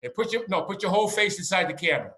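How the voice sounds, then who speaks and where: A man hosting a casual video-call interview, teasing his guest with drawn-out either-or questions in an excitable manner. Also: high voice, roomy sound. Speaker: channel host.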